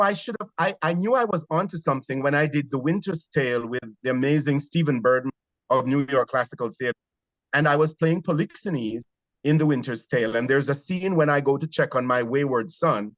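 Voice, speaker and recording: A man from Jamaica with a Jamaican accent, a theater actor telling stories in an interview, animated but hesitant. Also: mid-range voice, no echo, dull audio. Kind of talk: conversational interview.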